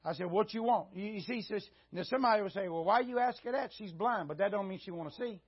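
A man preaching a sermon, storytelling and swinging into loud shouted peaks. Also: sits high, fast talker, breathy edge. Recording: dull lo-fi sermon audio.

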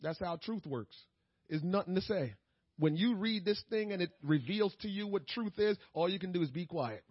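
A man preaching a sermon with a husky voice, swinging from hushed talk to shouting and crying out. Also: high-pitched, expressive, normal speed, no room sound, dull audio. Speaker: pastor.

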